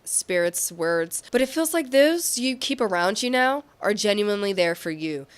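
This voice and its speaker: A woman's voice: mid-range voice, animated, moderate pace, clean tone. A woman giving a casual tarot reading, bubbly and giggly, full of affirmations. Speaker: tarot reader and medium.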